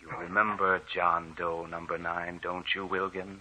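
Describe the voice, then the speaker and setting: A man's voice: deep voice, flat delivery, heavily acted. A menacing dead man back for revenge. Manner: slow, menacing, hushed. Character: vengeful dead man returned from the morgue. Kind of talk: 1940s radio drama acting. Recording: lo-fi old radio recording.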